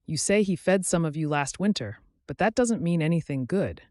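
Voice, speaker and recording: A man's voice: fairly high pitch, animated, moderate pace, darkish tone, no echo, clean studio sound, voice pushed up, natural voice. A man voicing Mrs. Quack, a fretful duck. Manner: fretful, tearful and insistent. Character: anxious, distrustful female duck far from home.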